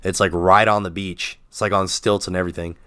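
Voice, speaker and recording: A man's voice: low voice, little pitch movement, brisk, a bit bright, smooth, no echo, clean studio sound. A man from Arkansas on a podcast, talking casually and laid-back, swearing and laughing often. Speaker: podcast co-host. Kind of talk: casual chat.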